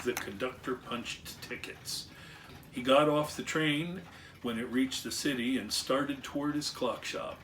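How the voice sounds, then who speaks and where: A man's voice: medium pitch, measured pace, far from the mic, background noise. A man reading a children's story aloud with expression, acting out animal and machine sounds along the way. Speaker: storyteller and clockmaker.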